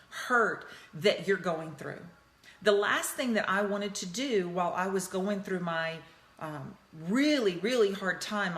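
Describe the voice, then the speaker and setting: A woman's voice: on the low side, a bit bright. A middle-aged woman hosting a live talk from her office, speaking earnestly and personally about grief and healing. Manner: earnest, personal, checks in with listeners. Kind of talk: heartfelt motivational live talk. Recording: roomy echoing office.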